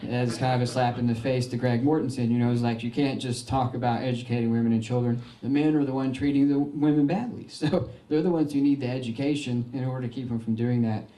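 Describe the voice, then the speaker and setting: A man's voice: mid-range voice, steady tone, fast talker, hardly any pauses, mellow. Folksy man in an echoey room. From Arkansas, United States. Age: young adult. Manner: folksy and earnest, with frequent fillers and restarts. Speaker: veteran giving a slideshow talk. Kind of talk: informal public talk.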